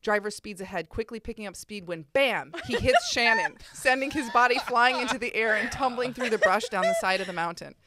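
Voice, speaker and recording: A woman reading the stage directions of her own comedic script aloud in a deadpan way. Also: a little high, a little fast, hardly any pauses, background noise.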